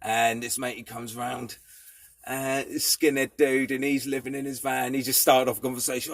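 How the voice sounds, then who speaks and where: Vlogger, adult man, husky, dry close sound, loose sweary ramble. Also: medium pitch, flat delivery, moderate pace, no echo. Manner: rambling, swears freely, laughs things off. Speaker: vlogger living in a van. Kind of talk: casual rambling chat to camera. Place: inside his parked van, door open, cold.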